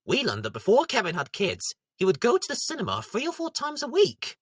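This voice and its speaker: A man with a high voice hosting a jokey homemade TV comedy review show, breaking into silly shouted voices. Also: huge pitch swings, fairly quick, breathy edge.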